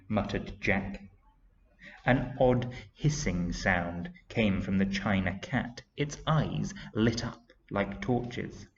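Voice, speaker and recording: A man reading a children's story aloud to young pupils, slow and expressive, on a dull lo-fi recording. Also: low-pitched. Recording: dull lo-fi sound.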